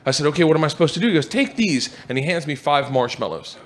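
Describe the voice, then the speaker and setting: A man, a stand-up comedian, animatedly telling a story to a live audience and acting out the other people's voices, shouting at the peaks. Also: fairly high pitch, racing. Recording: live stage recording with loud audience laughter. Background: audience laughter and noise.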